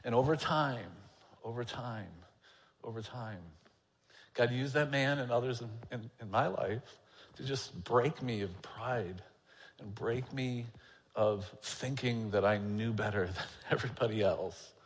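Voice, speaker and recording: A man's voice: mid-range voice, measured pace, slight background noise. Man preaching in a reverberant church. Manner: candid, self-deprecating, conversational with fillers. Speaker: elder preaching. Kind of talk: sermon. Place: church sanctuary.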